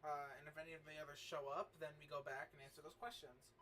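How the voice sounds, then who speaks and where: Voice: mid-range voice, flat delivery, fast, fairly bright tone, faint music behind. A host on a casual group stream, playful and laughing often as they read questions and tease the others.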